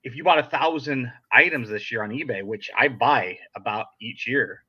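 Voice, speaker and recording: A man's voice: medium pitch, moderate pace, pushed and bright, breathy edge. A man hosting a casual podcast chat, talking in a blunt, direct, sarcastic way. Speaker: podcast host. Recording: dull lo-fi sound.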